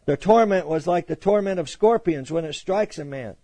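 High-voiced man teaching the Bible. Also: moderate pace, warm tone, no echo. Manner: reads scripture aloud then explains it conversationally, with joking asides.

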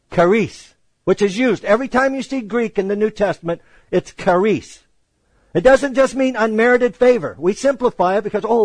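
High-voiced man preaching a sermon. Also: dry recording, rough recording. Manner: emphatic, asks and answers rhetorical questions.

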